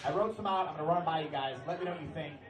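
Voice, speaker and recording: A man's voice: a little high, very fast, far from the mic. Brash young man doing stand-up in a club. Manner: brash, bursts into shouted announcer-style bits. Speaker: stand-up comedian. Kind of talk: stand-up set. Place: comedy club stage. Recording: roomy club sound from off-mic, loud crowd laughter.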